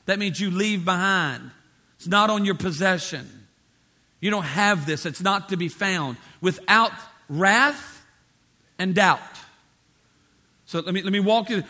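A man's voice: high voice, sharp tone. A man preaching a sermon, driving points home with emphatic repetition and acting out the voices of the people he quotes. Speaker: pastor.

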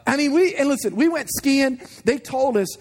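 Very high-voiced preacher man in his forties. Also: moderate pace. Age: 40s. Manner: animated storytelling, asks the congregation questions. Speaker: guest preacher. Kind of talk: sermon with personal stories.

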